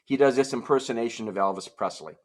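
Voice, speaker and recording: A man's voice: mid-range voice, fast. A man performing a comic ventriloquist act, talking to his puppets in playful, stammering children's show patter. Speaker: musical ventriloquist.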